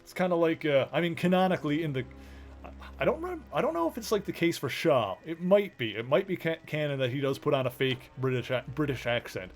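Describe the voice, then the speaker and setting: A man's voice: a little high, big pitch swings, brisk, faint music behind. A male streamer giving casual commentary as he plays a video game, thinking aloud in a chatty, rambling way.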